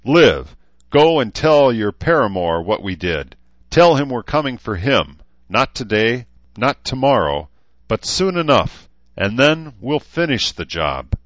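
A man reading a cruel, brutish male gang leader in a loud, taunting, threatening manner for an audiobook. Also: mid-range voice, very animated, unhurried, no room sound, dull audio, voice pushed up.

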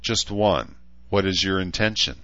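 A man reading the lines of a stern male commander in an audiobook, lecturing and forceful, on a dull recording. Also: low-pitched, measured pace, no room sound, voice pushed up.

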